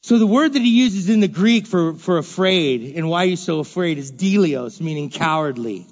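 Male pastor, high voice, unhurried sermon delivery, emphatic repetition, dull recording with long hall reverb. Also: animated. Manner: emphatic, repeats phrases, swings from loud to hushed.

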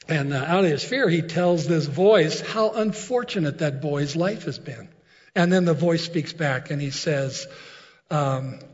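Male preacher with a long echo. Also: a little high. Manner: storytelling, earnest, with filler restarts. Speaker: pastor. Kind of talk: sermon. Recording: long echo, dull lo-fi sound.

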